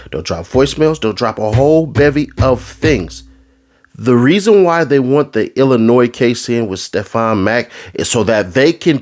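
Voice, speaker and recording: A man doing a casual commentary rant, full of street slang, who swings from low asides into high, exasperated outbursts. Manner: street slang, addresses the audience as bro. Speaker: commentary vlogger.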